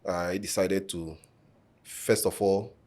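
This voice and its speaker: A man, answering interview questions as a candidate in a measured, formal way with frequent fillers, in a podcast studio. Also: low-pitched, steady tone, a little mellow. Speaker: election candidate.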